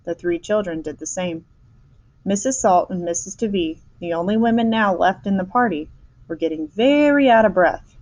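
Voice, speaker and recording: A woman reading a children's chapter book aloud, lively, with small slips and restarts. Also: medium pitch, normal speed. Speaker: storyteller.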